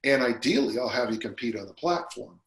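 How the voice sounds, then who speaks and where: Coach guy on a podcast, mid pitch, chatty animated stories, echoey room sound. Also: brisk. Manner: animated storyteller who acts out quotes. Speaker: podcast guest, strength coach. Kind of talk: casual interview storytelling. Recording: roomy echo.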